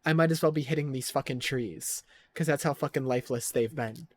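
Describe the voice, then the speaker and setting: A man's voice: mid-range voice, brisk, slight background noise. A man streaming a game live, thinking aloud in a sarcastic, profane, casual way. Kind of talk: casual live gameplay commentary.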